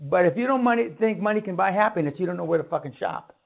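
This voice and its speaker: Male seminar speaker, very high pitch, blunt and foul-mouthed; thin telephone-quality audio. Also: animated, quick pace, creaky. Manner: blunt, swearing, ranting. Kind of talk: profane motivational lecture. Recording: tinny phone-like line.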